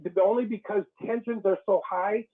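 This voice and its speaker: High husky guy from detroit on a tinny phone line, blunt, swears. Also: fairly even intonation, moderate pace. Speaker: caller. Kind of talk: call-in phone talk.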